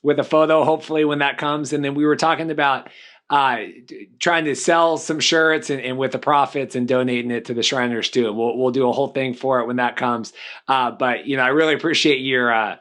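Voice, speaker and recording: A man hosting a casual podcast, friendly and relaxed as he thanks his guest. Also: mid-range voice, brisk. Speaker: podcast host.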